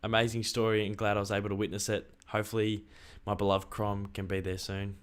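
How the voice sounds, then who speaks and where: A young Australian man chatting excitedly on a live stream and reading out viewer messages. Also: fairly low pitch, quick pace. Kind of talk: casual live stream chat.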